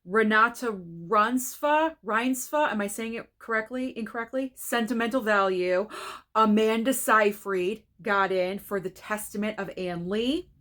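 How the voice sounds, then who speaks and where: Woman, casual film-review vlogger, mid pitch, excitable and frank. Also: normal speed. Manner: excitable, gasping and gushing; chatty, frank opinions. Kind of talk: casual reaction video.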